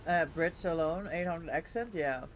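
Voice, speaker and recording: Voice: mid-range voice, a little slow, slight background noise. Chatty streamer with a Dutch accent. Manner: chatty, answers chat between game moves. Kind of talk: casual live-stream chat while gaming.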